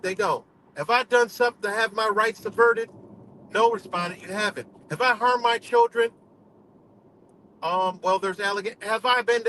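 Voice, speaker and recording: A man's voice: high voice, bright, forceful tone, a little hiss or hum, poor audio. A man hosting a live stream, ranting bluntly with heavy cursing and lots of "you know" fillers, from New York State. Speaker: livestream host. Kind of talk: profane casual rant.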